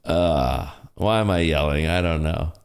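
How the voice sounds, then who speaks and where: A man's voice: extremely low pitch, a little slow, clear, resonant tone. A man hosting a live day-trading stream, chatting casually, joking and laughing often with his audience. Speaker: day-trading livestream host. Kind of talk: live trading commentary chat. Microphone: desk computer streaming setup.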